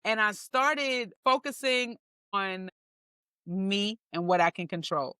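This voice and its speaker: A young woman from New York, a comedian guest telling stories in an animated, slangy way. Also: mid-range voice, slow, clean tone, no echo, studio quality. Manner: animated, slangy, acts out quoted voices. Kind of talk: casual storytelling interview.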